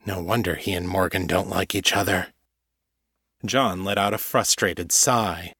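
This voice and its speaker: A man narrating a fantasy story in a measured, deliberate way. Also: deep voice, fairly even intonation, bright, forceful tone, husky, dry recording, studio quality. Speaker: audiobook narrator. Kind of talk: scripted fiction narration.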